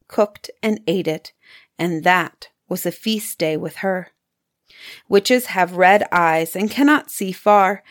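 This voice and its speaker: Woman reading a fairy tale aloud. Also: medium pitch. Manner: expressive, dramatic pauses. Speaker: storyteller.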